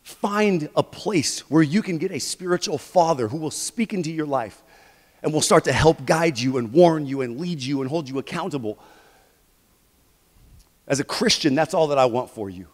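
Animated male pastor preaching in a hall. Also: on the high side, normal speed. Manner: animated preaching, shifts between quiet and loud. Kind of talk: sermon. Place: church sanctuary.

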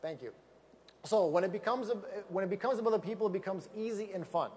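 A man giving an energetic motivational talk on stage with slides, emphatic and repeating key phrases for effect. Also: high-pitched, fast, long reverb tail. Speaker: business opportunity speaker.

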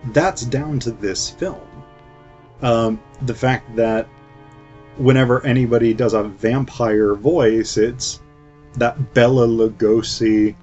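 A man's voice: medium pitch, darkish tone. A man giving casual film commentary in a flippant, chatty way, with lots of fillers. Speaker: film reviewer. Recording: dull lo-fi recording with faint music.

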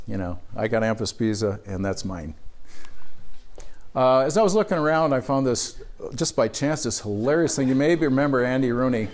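An older man with a lowish voice speaks casually to a roomful of people at a birding workshop. He is relaxed and self-amused, often pausing on fillers as he tells stories. He is from Wisconsin. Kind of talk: casual lecture to a live audience.

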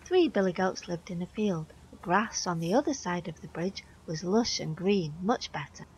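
A woman's voice: on the low side, lively intonation, normal speed, darkish tone, a little hiss or hum, low-quality recording. A woman painter, cheerful and chatty, talking and telling a story outdoors by a canal. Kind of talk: casual chat and storytelling.

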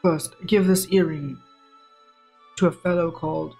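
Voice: medium pitch, steady tone, measured pace, vocal fry, mellow, slightly rough, soft background music, pitched above the performer's own voice. Odessa, a streamer doing a Southern belle. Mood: solemn. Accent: put-on American Southern. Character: dying Southern belle rebel leader woman.

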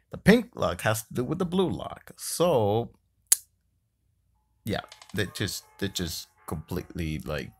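A man giving casual let's-play commentary on a mobile game, exasperated and cursing at it, sometimes mocking the enemy, recorded on a phone mic. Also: low-pitched. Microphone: phone screen-recorder mic.

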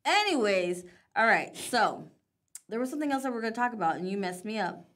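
A woman's voice: a little high, animated, brisk, a bit bright. A woman co-hosting a local show, chatting casually, teasing her co-host and laughing often. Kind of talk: casual radio show banter.

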